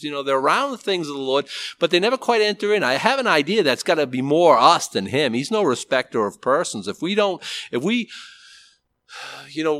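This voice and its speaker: Preaching in a conversational style, a pastor keeps posing questions to his audience. He speaks in a fairly high, slightly bright voice, recorded dry.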